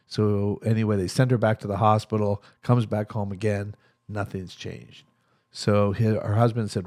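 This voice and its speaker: A man with a low, warm and mellow voice talks as a therapist guest in a podcast interview. He tells his stories with energy and slips into the voices of the people he quotes. The sound is close and dry, with no room echo. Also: normal speed. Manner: animated storyteller acting out quoted voices. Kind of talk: storytelling interview talk.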